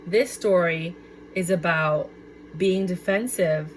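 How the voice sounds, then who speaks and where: Woman tarot reader, casual and chatty, excitable and exclamatory. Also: on the low side, slow, slight background noise. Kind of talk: casual tarot card reading.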